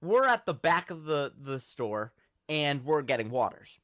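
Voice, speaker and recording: A young man hosting a podcast, telling a story in a casual, animated way and acting out the quotes. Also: fairly high pitch, a little slow, no echo, studio quality. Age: young adult. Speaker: podcast host.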